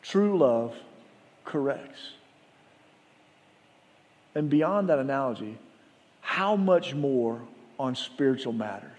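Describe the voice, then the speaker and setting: A man with a high voice preaches a sermon in an earnest, conversational way. His words ring out with a long reverb, as in a large hall. He acts out the people in his stories. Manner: earnest, conversational storytelling with animated retold dialogue. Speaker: pastor.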